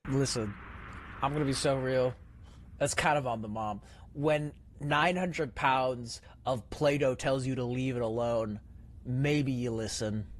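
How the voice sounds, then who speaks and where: A man's voice: medium pitch, unhurried. Sarcastic ranting male gamer. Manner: sarcastic, exasperated, profane. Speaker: gaming commentator. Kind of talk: ranting let's-play commentary.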